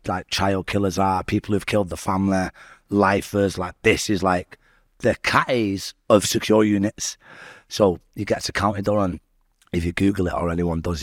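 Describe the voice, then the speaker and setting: A young man, a podcast guest telling his life story in an animated, swearing, storytelling way. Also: sits low, no room sound, studio quality. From Salford, England. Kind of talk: storytelling interview.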